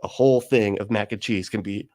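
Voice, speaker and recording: A man's voice: on the low side, fairly even intonation, a little fast, mellow. A man hosting a livestream, reading chat comments in a rambling, jokey way and laughing often.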